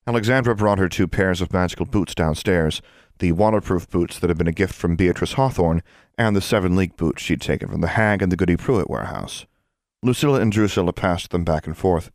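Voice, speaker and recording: Deep-voiced man narrating an audiobook. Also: brisk, a little mellow, dry recording, studio quality. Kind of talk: scripted narration.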